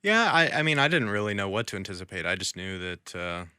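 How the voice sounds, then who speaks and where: A man co-hosting a podcast in casual chat, easygoing and agreeable, chiming in with quick yeses. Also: fairly low pitch, big pitch swings, sharp tone, clean tone, no echo, clean studio sound. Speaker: podcast co-host.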